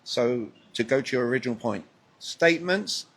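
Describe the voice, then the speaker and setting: Husky British man coaching with emphasis. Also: mid-range voice, normal speed. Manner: animated, emphatic speaker who poses rhetorical questions. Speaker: guest communication coach. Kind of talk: conversational interview on a live stream.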